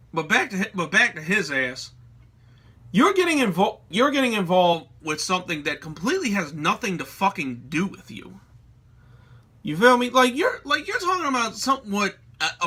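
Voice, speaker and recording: Brief: young adult man, hot-tempered profane vlog rant, tense sharp voice, sits a bit high. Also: breathy edge. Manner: heated, swearing, slangy. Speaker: vlogger. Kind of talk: profane ranting commentary.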